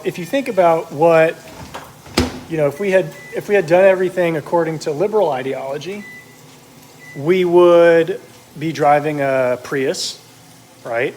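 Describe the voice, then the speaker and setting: Guy cooking and rambling, kinda high voice, faint sizzle noise behind. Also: a little mellow, low-quality recording. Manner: rambling, with many ums and uhs. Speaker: cooking vlogger. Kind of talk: casual talk while cooking. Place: kitchen with food searing.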